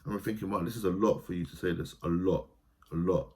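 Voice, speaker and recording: A man, a theatre practitioner talking as a podcast guest, animated and storytelling, often breaking into quoted voices and restarting his sentences. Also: low-pitched, a little fast. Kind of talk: conversational podcast interview.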